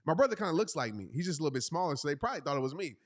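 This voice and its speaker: A man in his thirties with a drawl spins a casual, funny story. His voice sits a little higher than most men's, and he throws himself into acting out everyone's lines. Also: very fast. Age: 30s. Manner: animated, acts out voices of people in the story. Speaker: motivational speaker telling a story.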